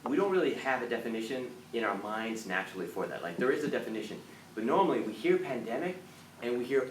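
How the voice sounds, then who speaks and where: A man hosting a live motivational talk, earnest and animated, now and then acting out panicked voices. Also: mid-range voice, quick pace. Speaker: live stream host. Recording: roomy, from a distance, faint background noise.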